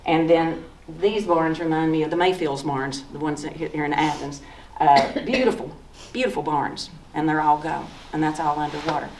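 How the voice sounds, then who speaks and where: Southern woman in her sixties, low voice, folksy storyteller, echoey room, heard from a distance. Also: moderate pace, few pauses, a little mellow, a little hiss or hum. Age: 60s. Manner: folksy, storytelling, pointing at photos. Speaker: author giving a talk. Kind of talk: slideshow talk with personal memories. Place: museum lecture room.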